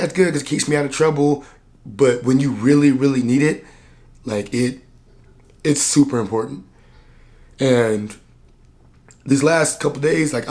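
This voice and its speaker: A man who works as a coach, talking candidly to camera in a vlog, earnest and reflective, and tired and low on energy. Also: a little mellow. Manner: earnest, reflective, plain-spoken with many "like" fillers. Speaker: personal development coach and vlogger.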